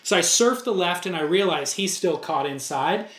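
A man telling a surf story on a casual podcast, acting out the dialogue in an animated way. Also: high voice, moderate pace. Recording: roomy echo.

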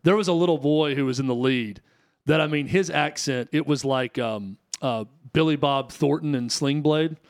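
In casual sports radio banter, this thirty-something co-host talks at normal speed in a voice slightly on the high side. His storytelling is loose and chatty, full of fillers and restarts.

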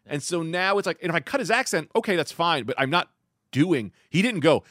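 A man's voice: on the high side, fairly quick, no echo, clean studio sound. A man chatting casually on a comedy podcast, telling stories with jokes. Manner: animated, joking storyteller with lively swings.

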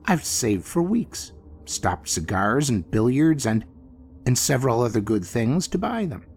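A man voicing a gentle, devoted middle-aged bank clerk who is a ghost, speaking earnestly and pleadingly. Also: mid-range voice, sing-song, unhurried, slight background noise. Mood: shy, tender. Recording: faint music bed behind.

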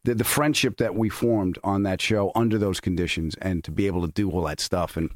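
A man's voice: deep voice, a little fast, no room sound, studio quality. A man hosting a podcast in casual chat, telling jokey stories. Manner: storytelling, jokey. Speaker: podcast host.

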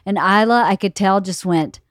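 Podcast host, fifties woman, lively storyteller who laughs a lot; dry close mic. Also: medium pitch, normal speed, no echo. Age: 50s. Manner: animated storyteller, laughs often, quotes others. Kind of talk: casual chat.

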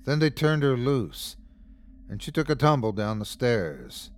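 A man whispering as a sinister hushed uncle. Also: mid-range voice, huge pitch swings, measured pace, exaggerated voice. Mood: menacing. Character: sinister male uncle, menacing and sly. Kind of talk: whispered role-play.

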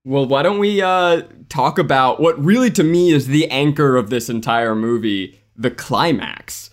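A man's voice: medium pitch, measured pace. A man co-hosting a podcast, giving opinions and steering the discussion. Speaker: podcast co-host. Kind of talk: casual chat.

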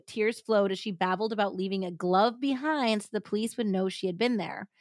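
A woman's voice: medium pitch, a little fast, no echo, clean studio sound. A young woman hosting a podcast, telling a story casually with lots of "like.". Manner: chatty, frequent "like" fillers. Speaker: podcast host.

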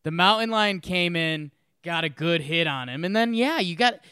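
A man co-hosting a casual chat podcast, telling a story with lively acted-out quotes and frequent laughs. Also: on the high side, normal speed, clean tone, dry recording, studio quality. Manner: animated storyteller, acts out quotes, laughs often. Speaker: podcast co-host.

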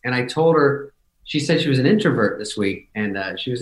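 A middle-aged man tells casual stories as a podcast guest in a mid-range voice. His delivery is dry and self-mocking, with quick mimicry of other people. The room has a noticeable echo. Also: medium pitch, lively intonation. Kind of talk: casual storytelling chat.

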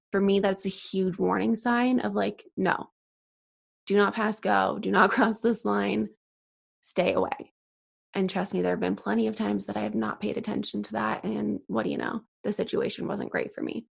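Young woman podcasting solo, super gravelly fry, kinda breathless, lots of likes and sighs. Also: mid-range voice. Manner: chatty, many fillers, sighs. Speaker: podcast host.

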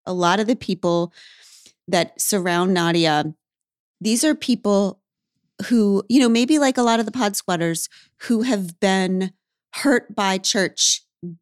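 A woman's voice: medium pitch, a little slow, clear, resonant tone, dry recording, studio quality. A woman co-hosting a podcast who speaks in an affirming way and murmurs agreement through a candid conversation. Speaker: podcast co-host.

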